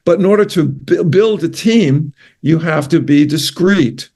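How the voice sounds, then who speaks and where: An older man with a New York accent tells stories in a casual interview. His voice sits a little high for a man. He rambles from one anecdote to the next and often corrects himself mid-sentence. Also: a little slow, gravelly, warm tone, slightly rough, faint music behind. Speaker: guest, retired physician.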